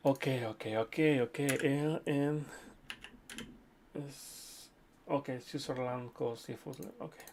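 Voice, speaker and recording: Gravelly-voiced man hosting a live chart stream. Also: mid-range voice, steady tone, slow, darkish tone, slight background noise. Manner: chatty, repeats okay, addresses viewers as friends. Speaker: livestream host reading viewer chart requests. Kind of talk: casual live chart analysis.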